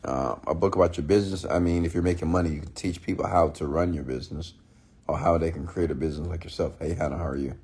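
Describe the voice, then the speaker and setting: Gravelly low-voiced man ranting bluntly. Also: steady tone, quick pace, a little mellow. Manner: blunt, profane, confrontational; reads and answers viewer questions. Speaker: entrepreneur mentor host. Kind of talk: late-night live-stream rant.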